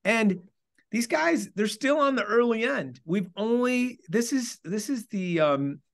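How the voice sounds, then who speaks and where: A man's voice: sits high, animated, measured pace, gravelly. A man giving a casual presentation as a trainer for a clinic device, hesitant with many fillers as he runs through figures.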